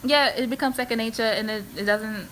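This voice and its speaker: A woman's voice: a little high, steady tone, fairly quick, fairly bright tone, a little hiss or hum. A young woman from New City, hosting a casual chat and thinking aloud as she talks. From New York City. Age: young adult. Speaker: host.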